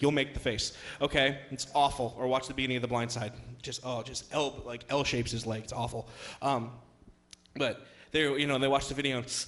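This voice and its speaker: A young man preaching as a youth pastor, telling a story in a conversational way with many fillers, then rising to loud, emphatic passages. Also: mid-range voice, steady tone, fairly quick. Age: young adult. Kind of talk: sermon with storytelling.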